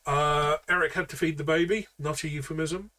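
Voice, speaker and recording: Bright fairly high voiced guy running a d&d stream from his bedroom, jokey. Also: fairly even intonation, a little fast, far from the mic, rough recording. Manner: playful, joking. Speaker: game master. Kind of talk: narrating a tabletop game on a stream. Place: bedroom at home.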